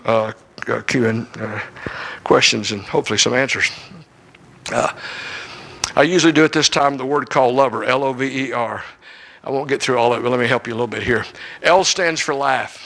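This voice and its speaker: Gravelly, bright preacher man. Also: medium pitch, rough recording. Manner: folksy, joking, animated. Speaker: guest preacher. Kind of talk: humorous sermon storytelling. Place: church.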